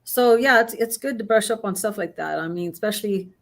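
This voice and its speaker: A woman's voice: medium pitch, a little fast, creaky. A middle-aged woman guest in casual chat, telling a long story with many restarts and fillers. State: has the hiccups.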